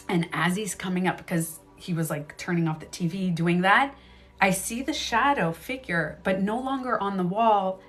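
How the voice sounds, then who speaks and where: A live streamer and beauty coach casually tells a story on a livestream from her bedroom at home, using lots of fillers and acting out reactions. Her voice is medium-pitched at a moderate pace, with faint music behind her.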